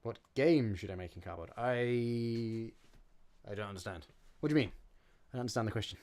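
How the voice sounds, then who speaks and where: This young streamer's voice is on the low side, brisk and a little mellow as he builds props live. He reads chat aloud, answers it in a chatty way and makes fun of the mess he's made.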